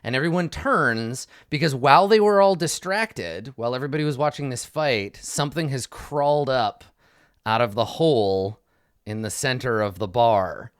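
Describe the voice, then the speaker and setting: A man's voice: medium pitch, normal speed, clear, resonant tone, dry recording, clean studio sound. A man running a tabletop game as its dungeon master, talking loosely and conversationally and growing vivid when he describes a scene. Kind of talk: casual tabletop game narration.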